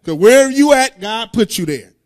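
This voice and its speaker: A man's voice: very high voice, expressive, normal speed, darkish tone. A man preaching a sermon, reading scripture aloud and breaking into sung, call-and-response lines in casual speech.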